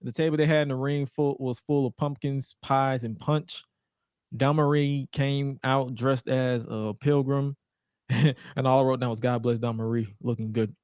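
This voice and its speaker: A man in his thirties co-hosting a podcast, telling stories in a casual, animated way, swearing freely and using lots of fillers. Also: mid-range voice, a little slow, smooth, no echo, clean studio sound. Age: 30s. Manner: animated, profane storytelling with many fillers. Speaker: podcast co-host. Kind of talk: casual chat.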